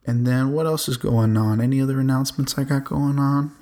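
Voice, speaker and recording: A man's voice: medium pitch, fairly even intonation, brisk, warm tone. Laid-back young man rambling on his podcast. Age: young adult. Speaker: podcast host. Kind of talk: casual solo podcast chat.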